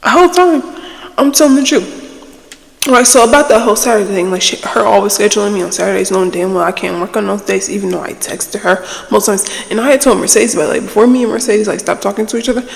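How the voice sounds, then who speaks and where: Woman, casual storytime chat, blunt, cursing, animated, reverberant room. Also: medium pitch, fast talker, creaky. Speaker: ASMR channel host.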